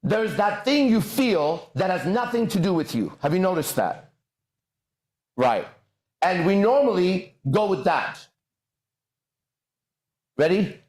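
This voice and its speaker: A man's voice: high voice, very animated, slow, pauses often, a little mellow, reverberant. Man lecturing on a podcast. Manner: keeps checking in with "right?" and "okay?". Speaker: podcast host. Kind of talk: lecture-style podcast monologue.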